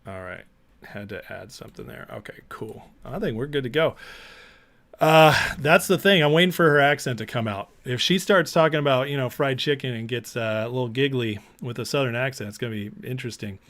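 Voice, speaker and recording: In a medium-pitched, fairly bright voice with lively intonation, a man hosts a casual livestream at a fairly quick pace. He chats easily and laughs along while reading viewer comments aloud.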